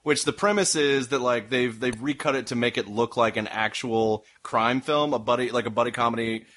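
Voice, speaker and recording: A man with a mid-pitched, bright and forward voice. He co-hosts a casual movie review chat and sounds sardonic and blunt. He swears freely as he tears into a film. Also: normal speed. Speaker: podcast co-host.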